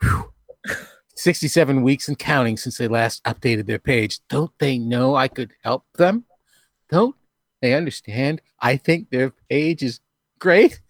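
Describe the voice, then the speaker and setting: A man's voice: mid-range voice, animated, unhurried, no room sound. A man reads a lurid fan fiction story aloud with mock drama, cracking himself up now and then. His voice sits in a middle register and sounds dry and close to the mic. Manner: dramatic storytelling, breaking into laughs. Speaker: podcast host. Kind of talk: comic reading of fan fiction.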